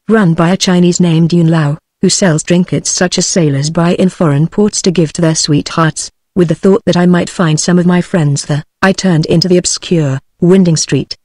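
A text-to-speech woman's voice with a British English accent, reading a book aloud in an even, synthetic manner. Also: on the low side, moderate pace, hardly any pauses, no echo, clean studio sound. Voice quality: synthetic, evenly paced. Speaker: audiobook narrator.

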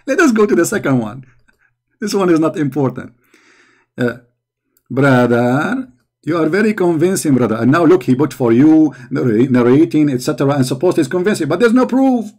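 A man's voice: fairly high pitch, very animated, normal speed, a little mellow. A man hosting a reaction commentary, talking back to a played video in a mocking, sarcastic way. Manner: sarcastic, mocking, repeats words heatedly.

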